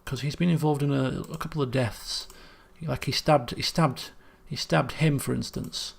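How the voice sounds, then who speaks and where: A man's voice: medium pitch, fairly even intonation, moderate pace, vocal fry, husky. A man, thinking aloud as he streams a puzzle game, muttering guesses and restarting sentences. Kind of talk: casual gameplay commentary.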